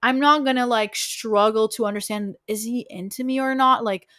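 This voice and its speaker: A woman hosting a podcast, giving casual relationship advice in a frank, emphatic way, swearing often and filling pauses with "like" and "you know". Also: fairly high pitch, fairly even intonation, fairly bright tone, no echo, clean studio sound. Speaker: podcast host.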